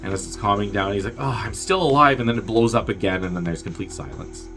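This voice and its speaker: A man hosting a podcast, casually recapping a movie plot in a rambling, offhand way and slipping into quick impressions of the characters. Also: deep voice, steady tone, soft background music. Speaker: podcast host.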